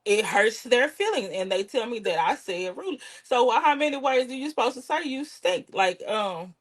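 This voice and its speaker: Lively woman comic telling stories. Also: a little high, normal speed. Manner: lively, swears, acts out relatives' voices. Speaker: comedian guest. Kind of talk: candid storytelling in casual interview.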